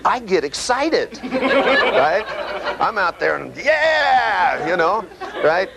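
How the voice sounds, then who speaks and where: A man giving a live seminar lecture, animated and profane, full of "you know" and "right", acting out sounds with his voice. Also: high-pitched, extremely slow, creaky, over a noisy crowd. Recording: noisy old tape recording with clicks.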